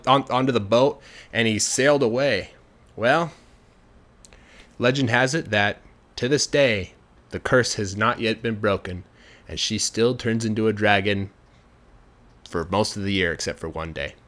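Casting: relaxed male storyteller, mid-pitched, chatty, slips into quick character voices. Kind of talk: casual storytelling for English learners.

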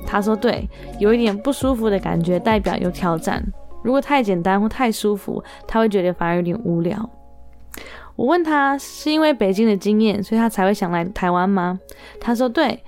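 A woman podcast host narrating a voice-over in a steady, explanatory way. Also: medium pitch, a little fast. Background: faint music.

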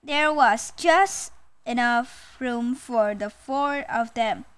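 A woman's voice: fairly high pitch, clear, resonant tone, no room sound. A young woman whose first language is Mandarin Chinese reads a children's picture book aloud carefully, stumbling and correcting herself now and then. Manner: slow, careful reading with stumbles and self-corrections. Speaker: storyteller.

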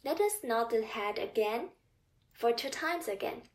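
Slow, patient Mandarin tutor woman. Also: on the high side, lively intonation. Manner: repeats drill sounds, prompts listener to repeat. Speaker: Mandarin tone teacher. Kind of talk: slow, patient language lesson.

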